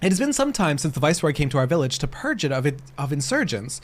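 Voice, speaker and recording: A man's voice: on the high side, sing-song, fast talker. A man reading aloud the lines of a wary, weary villager in a fantasy game, in stiff, formal old-fashioned speech.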